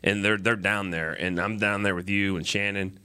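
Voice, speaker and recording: A man co-hosting a sports talk show, telling animated game stories and laughing often. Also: low voice, moderate pace, smooth.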